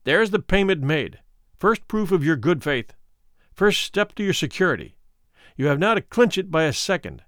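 A man voicing a smooth, worldly and ruthless male doctor who talks in a coolly persuasive, condescending way. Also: fairly high pitch, big pitch swings, moderate pace, fairly bright tone, dry recording, clean studio sound.

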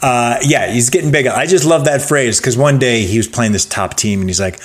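A man in a relaxed co-hosted chat, reading out trivia facts in a laid-back, joking way. His pitch sits in an ordinary middle range for a man. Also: brisk, slightly rough. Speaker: podcast co-host. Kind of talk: casual chat. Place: Los Angeles.

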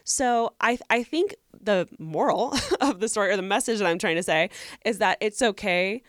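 A woman's voice: medium pitch, expressive, moderate pace, no echo, clean studio sound. A young woman co-hosting a podcast, giving earnest, encouraging advice to a listener in casual chat. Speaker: podcast co-host.

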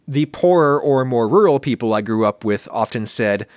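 A man's voice: medium pitch, animated, moderate pace, darkish tone, dry recording, studio quality. A man from central Pennsylvania with a general northern US accent, hosting a viewer-question show in a wry, opinionated explanatory monologue. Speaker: host answering viewer questions.

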